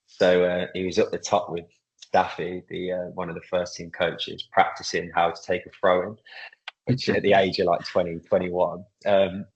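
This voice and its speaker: A man in his thirties, a footballer and club captain, chatting casually in a podcast interview, relaxed, with lots of fillers. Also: low-pitched, normal speed, breathy edge, muffled recording. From England.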